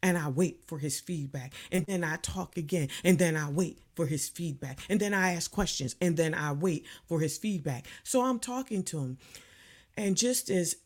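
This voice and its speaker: A woman delivers a sermon in a slightly low voice. She speaks calmly and deliberately, and she often repeats a phrase to drive it home. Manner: calm, measured preaching with repeated phrases. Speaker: preacher.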